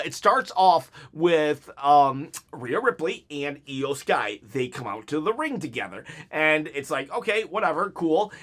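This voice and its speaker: A man's voice: on the high side, fairly bright tone. A man giving an unscripted one-take review of a wrestling episode, rambling and joking as he goes off on tangents.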